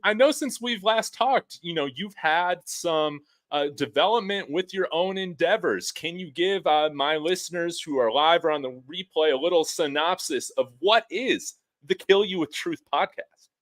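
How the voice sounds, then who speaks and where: Man, sports podcast host, fairly high voice, dry bedroom sound, eager and stammery. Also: lively intonation, fairly bright tone, no echo. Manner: eager, stammers when talking fast. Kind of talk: casual sports chat. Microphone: home setup in his bedroom.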